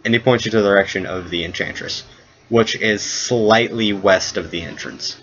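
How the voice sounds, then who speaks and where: A man's voice: fairly low pitch, moderate pace, a bit bright. Young man running a tabletop game. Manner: loose, stumbling, jokey. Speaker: game master. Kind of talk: casual tabletop game narration. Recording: dull lo-fi recording with faint hiss.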